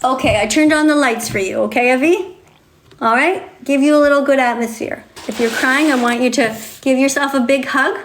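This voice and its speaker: Coddling high-pitched woman livestreamer. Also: normal speed, a bit bright. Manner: coddling, sing-song, talks to viewers like children. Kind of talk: livestream chat with viewers.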